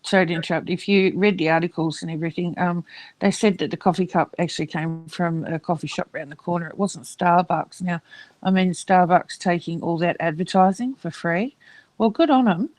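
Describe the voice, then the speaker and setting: A woman's voice: lowish voice, a little fast, darkish tone, no echo. A woman in a casual group chat who explains things politely.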